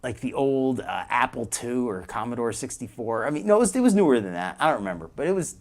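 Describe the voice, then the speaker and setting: A man's voice: medium pitch, very animated, fast, a little mellow. A man in his forties hosting a live stream, rambling casually while reacting to clips. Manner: rambling, chatty, quotes his younger self in a raised voice.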